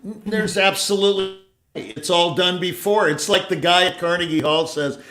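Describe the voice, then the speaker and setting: An older man hosting a casual chat, storytelling with sudden loud asides and low mutters. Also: normal speed, slight background noise. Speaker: host.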